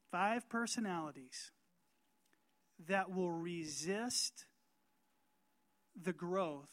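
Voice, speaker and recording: Male pastor from North Carolina, emphatic preacher who leans on slow stressed words and questions to the room. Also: sits high, fairly bright tone. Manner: emphatic, asks the congregation rhetorical questions, slows down to stress words. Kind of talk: sermon.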